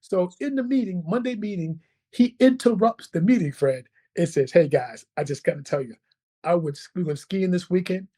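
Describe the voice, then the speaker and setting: A man telling a personal story as a podcast guest, animated, acting out the quotes and checking in with the listener. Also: sits high, normal speed. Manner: animated, acts out quotes, checks in with "right?" and "okay?". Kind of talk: casual storytelling.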